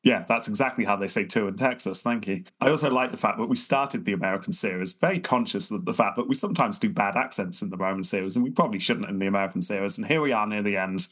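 A man's voice: lowish voice, quick pace, few pauses, a bit bright. A man co-hosting a casual podcast, joking, laughing and telling a scene as a story. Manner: jokey, storytelling, laughs often. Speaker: podcast co-host. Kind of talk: casual chat.

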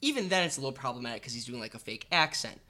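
A young man co-hosting a podcast, talking casually about theater with quick restarts and many "like"s. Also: medium pitch, sing-song, bright, forceful tone. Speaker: podcast co-host. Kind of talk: casual theater review chat.

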